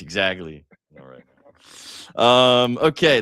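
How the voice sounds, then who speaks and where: A deep-voiced man hosting a live betting stream, chatty and excitable, throwing in jokes and ums. The sound is close and dry, with no room around it. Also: moderate pace, dry recording. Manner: excitable, joking, lots of fillers. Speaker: sports betting show host.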